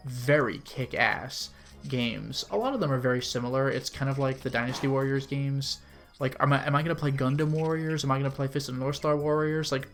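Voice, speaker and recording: Rambling man streaming a retro game. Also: medium pitch. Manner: chatty and rambling, with frequent "like" fillers. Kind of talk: casual gameplay commentary.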